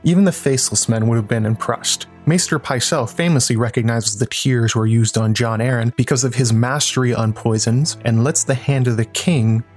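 A man's voice: mid-range voice, moderate pace, hardly any pauses, a little mellow. Guy doing scripted lore narration, explaining stuff, faint music behind. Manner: analytical, explanatory.

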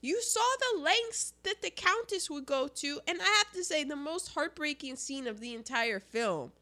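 A woman co-hosting a casual chat about a film, animated and jokey, acting out quotes as she talks. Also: sits high, normal speed. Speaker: podcast co-host.

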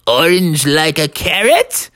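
A man voicing a crazed, mischievous male snowman in a storybook tale, squealing and shouting with glee. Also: fairly high pitch, sing-song, slow pace, exaggerated voice. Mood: longing.

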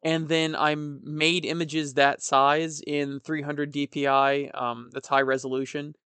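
A man's voice: on the high side, flat delivery, a little slow, fairly bright tone, clear, resonant tone, no room sound. Chatty man hosting a hobby podcast. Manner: joking, rambling, laughs at own stories. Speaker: podcast host. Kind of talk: casual solo podcast chat.

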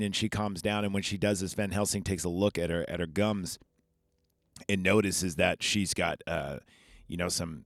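Rambling low-voiced man. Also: no room sound. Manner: rambling, chatty, with fillers and asides. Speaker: podcast host reviewing a film. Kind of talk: casual chat. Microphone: podcast microphone.

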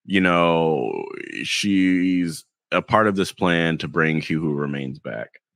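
A man with a Southern US accent co-hosting a podcast, chatting casually and rambling as he dips into quick impressions. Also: low voice, steady tone, fairly bright tone, no room sound. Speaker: podcast co-host. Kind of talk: casual chat.

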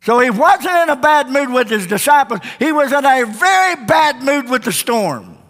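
A man preaching with fervor, his voice pitched very high and ringing bright. He swings between booming declarations and hushed asides, heard in a long reverberant church hall. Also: sing-song, normal speed. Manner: impassioned preaching with swings between loud and quiet delivery. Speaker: pastor. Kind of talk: sermon.

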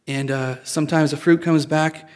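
Higher-voiced man preaching conversationally. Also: fairly even intonation, moderate pace, darkish tone. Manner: casual, confessional and joking with listeners. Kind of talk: conversational sermon.

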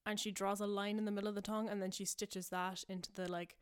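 A woman's voice: medium pitch, little pitch movement, fast talker. A young woman hosting a podcast, rambling casually through a made-up story, full of fillers and self-amused asides. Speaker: podcast host.

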